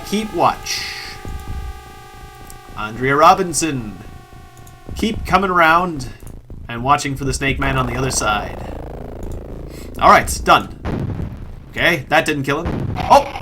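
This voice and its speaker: A man's voice: fairly high pitch, pushed and bright. A man hosting a let's play, giving casual, joking gameplay commentary as he talks to himself. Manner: chatty, joking self-talk with frequent laughs.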